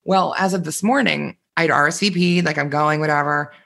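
A man co-hosting a podcast in casual chat, telling stories with animated energy, acting out quoted voices and swearing freely. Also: fairly high pitch, moderate pace, creaky. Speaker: podcast co-host.

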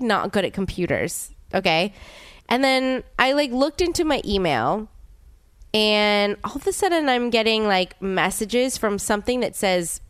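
Young female host, casual storyteller; smooth voice, dry close mic. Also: no echo. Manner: animated storytelling with many "like" fillers, leaps in pitch when exclaiming. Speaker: podcast host. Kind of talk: casual chat.

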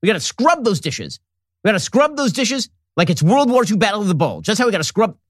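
A man's voice: high voice, big pitch swings, fast talker, dry recording, studio quality, pitched above the performer's own voice. A man voicing a blustery middle-aged male strategist who barks everything as militaristic war talk. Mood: blustering. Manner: barking, militaristic, overblown.

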